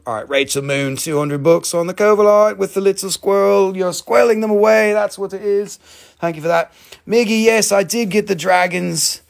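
Hyped up guy with a raspy fry in his voice, pitched a bit high, hawking rocks on a live stream and cussing. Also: normal speed. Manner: excitable, profane, big jumps in pitch. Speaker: host of a live crystal sale stream. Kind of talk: excited live sales chat.

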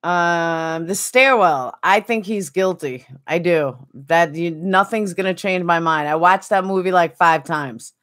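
A woman's voice: on the low side, unhurried, hardly any pauses, fairly bright tone. A woman streaming a game, chatting casually and answering viewers by name. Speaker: game streamer reading chat. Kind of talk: casual chat while gaming.

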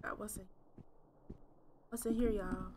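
A young woman streaming a horror game, talking in an animated way straight to her viewers and swearing often. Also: medium pitch, measured pace, a little hiss or hum. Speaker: gaming streamer. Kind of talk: casual let's-play commentary.

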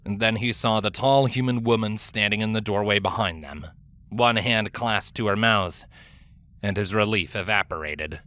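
Male audiobook narrator, low-pitched, bright-toned, steady fantasy storytelling. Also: normal speed, no room sound.

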